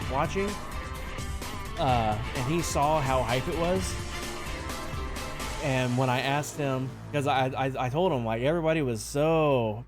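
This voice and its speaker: A man streaming live, playing host of a game-show game with playful, animated patter. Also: mid-range voice. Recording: stream with music playing behind. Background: background music.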